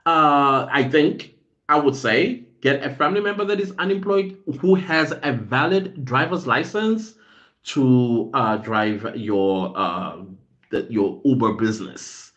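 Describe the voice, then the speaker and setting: A man's voice: mid-range voice, slow, a bit bright, highs cut off. A man hosting a podcast, giving casual advice in a rambling way, often searching for words with ums and uhs. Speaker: podcast host.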